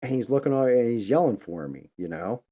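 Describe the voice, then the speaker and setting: A man's voice: medium pitch, animated, fast talker, dark tone. A man hosting a live stream, telling loose, rambling stories in a casual, conversational way. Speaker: host.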